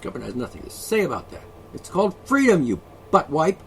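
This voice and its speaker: A man's voice: on the high side, wildly swooping pitch, quick pace, a bit bright, a little hiss or hum. A man vlogging an angry solo rant, profane, sarcastic and mocking.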